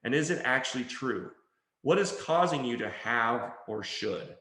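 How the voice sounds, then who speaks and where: A man gives an emphatic motivational talk, calling his listeners guys and mimicking their whiny complaints. His voice has a bright, forceful edge and sits at a middle pitch. The sound carries a noticeable room echo. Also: expressive, measured pace. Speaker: speaker coaching on language. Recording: echoey room.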